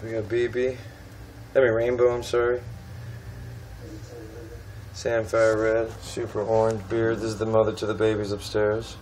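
A man talking casually about his lizards at home, softly cooing to them as he handles them on a handheld camera. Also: fairly low pitch, monotone, measured pace, pauses often, a little hiss or hum, rough recording. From United States. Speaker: reptile keeper. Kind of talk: casual vlog with pet updates. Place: at home among reptile enclosures.

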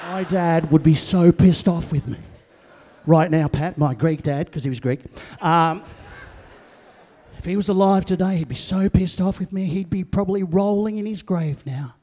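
Loud animated high-voiced male comedian. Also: normal speed. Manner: loud, animated, shouting punchlines and playing quoted voices. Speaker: stand-up comedian. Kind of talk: stand-up comedy routine. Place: large theatre stage. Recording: live theatre with long reverb.

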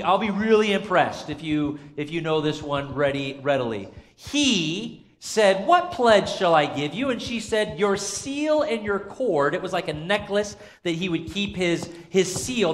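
A man preaching as pastor, running an interactive Bible trivia quiz with his congregation, chatty and full of fillers. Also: sits high. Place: church sanctuary. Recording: long church reverb.

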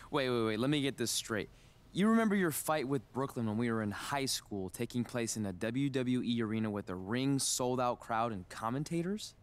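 A man's voice: mid-range voice, expressive, normal speed, lightly acted. Guy doing a nerdy worried teen boy, dry jokes, voice jumps around a lot. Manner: dry and self-deprecating. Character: nerdy anxious teen boy Trey, wrestling fan.

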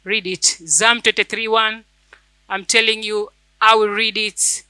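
A woman's voice: medium pitch, flat delivery, a little slow, pushed and bright, clear, resonant tone, no room sound, poor audio. Fervent woman preaching. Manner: fervent, repeats phrases for emphasis. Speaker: church elder preaching. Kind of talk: sermon with personal testimony.

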